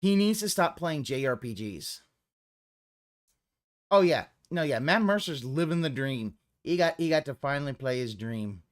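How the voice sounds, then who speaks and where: A man's voice: on the high side, moderate pace. A man streaming live and commenting casually, rambling and swearing as he reacts to a clip. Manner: rambling, profane, animated.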